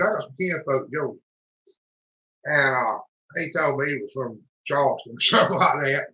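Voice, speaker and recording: In dull lo-fi sound from an echoey room, a Southern US-accented man with a mid-range voice talks fairly quickly. He's a livestream co-host chatting casually and telling folksy stories in a drawl.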